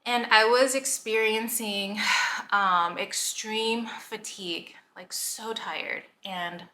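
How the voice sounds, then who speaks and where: A woman's voice: mid-range voice, fairly even intonation, slow pace, bright, forceful tone. A woman in her thirties, chatting casually in a pregnancy vlog, emotional and a bit out of breath, with many filler "like"s. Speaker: health coach and vlogger. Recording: echoey room with faint noise.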